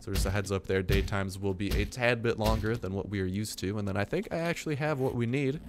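A man's voice: fairly low pitch, fast, a little hiss or hum. A young man giving rambling, self-mocking commentary while playing a survival game. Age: young adult. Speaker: gaming YouTuber. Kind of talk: casual let's-play commentary.

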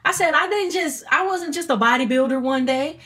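Southern woman guest, higher-pitched, blunt and emphatic, salty language. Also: a little fast, fairly bright tone. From Alabama, US. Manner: outspoken, emphatic, swears freely. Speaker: podcast guest. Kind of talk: casual conversation.

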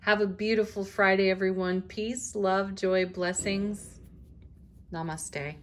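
A middle-aged woman giving a daily tarot reading in a gentle, spiritual way, laughing often. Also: mid-range voice, steady tone, takes it slowly, slight background noise. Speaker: tarot reader.

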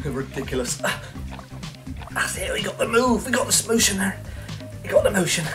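A man commentates on his own play, out of breath and swearing at the controls. His pitch swings widely, climbing high when he gets frustrated. Cheerful game music plays clearly underneath. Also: big pitch swings, moderate pace. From United Kingdom. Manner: swears often, shouts at the controls. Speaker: gaming YouTuber. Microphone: facecam with desk mic. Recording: game music playing behind the voice.

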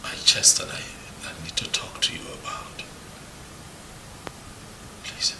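An actor with a Nigerian accent playing a husband who softly pleads with his wife in a film drama. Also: slow pace, natural voice. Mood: confessing. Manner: soft pleading. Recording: distant roomy mic with noise.

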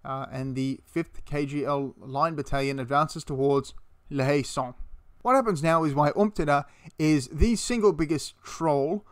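A man's voice: fairly high pitch, a little slow, hardly any pauses, clean tone. A man telling a battle story casually, swearing and acting out the quotes. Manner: animated, swears, acts out quotes in character. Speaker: history video host. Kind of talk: casual storytelling history talk.

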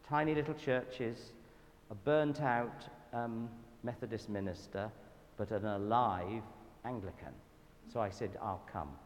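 A man with a Southern English accent giving a church talk, telling anecdotes in a lively, self-deprecating way. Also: lowish voice, unhurried. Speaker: guest speaker at a church event. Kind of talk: storytelling sermon talk. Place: church hall. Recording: reverberant hall with faint background noise.

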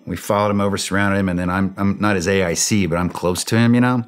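A man, a former special forces operator, casually telling a war story as a podcast guest. He is animated, laughs often, and acts out the dialogue. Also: deep voice, fast.

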